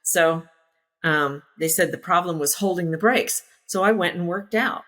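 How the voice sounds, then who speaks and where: A woman in her sixties tells stories from her flying days, her voice sitting a little low for a woman. She talks casually and with spirit, slipping into the voices of the people she quotes and laughing easily along the way. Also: normal speed, fairly bright tone. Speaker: former naval aviator, interview guest. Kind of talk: casual anecdotal storytelling.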